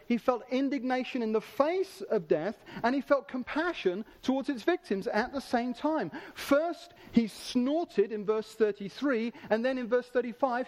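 Very high-voiced enthusiastic male preacher. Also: darkish tone. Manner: enthusiastic, emphatic, slows for key words. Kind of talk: sermon.

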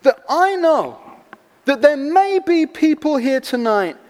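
A man with a high voice preaches to a gathered crowd. He tells his story in a lively, expressive way. His voice rings with the long echo of a large hall. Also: slow. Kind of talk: sermon storytelling.

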